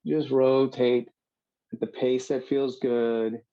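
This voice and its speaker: A man leading a yoga workshop, giving calm, slow guided instructions with drawn-out cues. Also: medium pitch, lo-fi sound.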